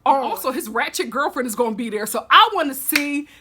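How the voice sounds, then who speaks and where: A woman recapping a reality TV episode in a sassy, animated way, talking straight to her viewers. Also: high-pitched, fairly quick, background noise. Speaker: TV recap vlogger.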